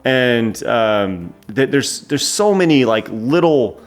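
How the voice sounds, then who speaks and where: A man chatting excitedly as a guest film reviewer, rambling with frequent restarts. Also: medium pitch, slow pace, soft background music. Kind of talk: casual film review chat.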